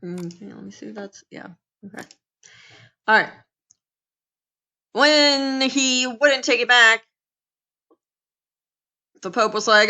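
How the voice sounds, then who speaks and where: Slow-talking bright American woman teacher. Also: a little high, muffled recording. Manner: chatty, acts out quotes, many restarts. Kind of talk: casual classroom lecture.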